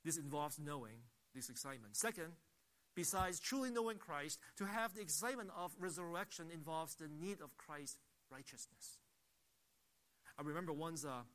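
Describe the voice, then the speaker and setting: Male pastor, slightly higher voice, emphatic sermon delivery with rhetorical questions. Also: fairly bright tone.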